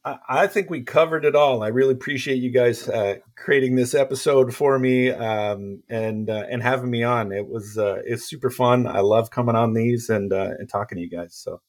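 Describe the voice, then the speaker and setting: A man's voice: medium pitch, normal speed, hardly any pauses. A man guesting on a podcast, talking casually and rambling at length with lots of fillers. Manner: rambling, many fillers and restarts.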